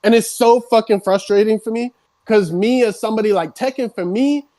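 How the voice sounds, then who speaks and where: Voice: medium pitch, fairly quick. Swearing streamer ranting, voice cracking. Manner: swears constantly, escalates into shouting. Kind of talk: heated rant.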